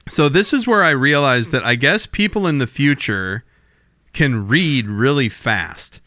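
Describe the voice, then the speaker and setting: Animated, swearing young-sounding man. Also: medium pitch, unhurried, no room sound, clean studio sound. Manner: animated, profane, acts out quotes. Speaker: podcast co-host. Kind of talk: casual chat recapping a TV episode.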